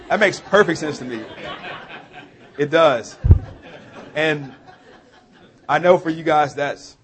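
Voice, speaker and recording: A man from the New Orleans area with a New Orleans accent, preaching a sermon as a pastor in a relaxed, story-telling way. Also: fairly high pitch, measured pace, long pauses, a faint crowd. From New Orleans area, USA.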